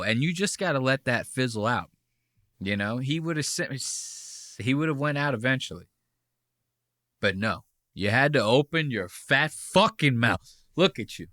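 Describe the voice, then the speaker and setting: A man's voice: medium pitch, pushed and bright, no echo, clean studio sound. Brash, mocking man hosting a podcast. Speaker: podcast host. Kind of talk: reaction commentary.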